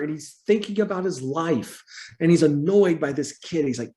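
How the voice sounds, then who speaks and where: A man's voice: fairly high pitch, moderate pace, darkish tone. A man guesting on a movie review chat, talking casually and animatedly, laughing often and ranting in exasperation.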